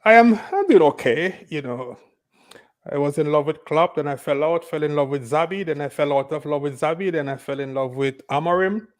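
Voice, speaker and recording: A man's voice: on the high side, fairly quick. A man from Canada on a livestream panel, talking in a wry, self-mocking way. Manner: wry, laughing self-mockery. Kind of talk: casual livestream chat.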